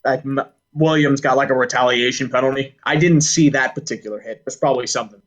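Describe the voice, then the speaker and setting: A man's voice: mid-range voice, fast, highs cut off. A man co-hosting a sports talk stream, dropping dry wisecracks. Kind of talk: casual sports chat.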